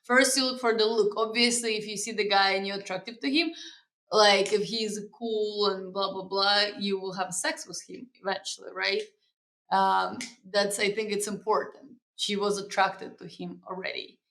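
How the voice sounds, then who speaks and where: A woman guest in casual chat, blunt and halting, sometimes searching for her words. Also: medium pitch, fairly even intonation, a bit bright, reverberant. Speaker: podcast guest.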